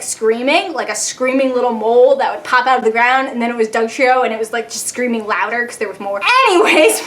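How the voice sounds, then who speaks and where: A young woman with a high, girlish voice chats through a casual vlog monologue. She gushes and rambles with plenty of "like" fillers, slipping into playful mini-impressions as she tells her stories. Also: fairly bright tone. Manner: bubbly, gushing, quick asides with lots of "like"; acts out childhood reactions in quoted mini-voices. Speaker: YouTuber.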